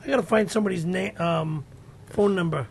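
High, gravelly man, gruff and indignant. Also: fairly quick. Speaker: comedy podcast co-host. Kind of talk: bickering comedy banter.

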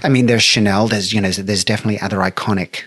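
A middle-aged man from Australia, a make-up artist telling stories in an interview with lively, emotional delivery. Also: on the low side, quick pace, husky, no echo. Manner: animated, emotional storyteller who acts out quotes. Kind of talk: storytelling interview chat.

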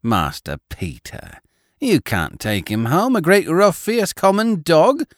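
A man voicing a disapproving nurse scolding a small boy, in slow, drawn-out words. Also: fairly high pitch, wildly swooping pitch, no echo, studio quality, voice pushed up, full character voice. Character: fussy disapproving woman nurse.

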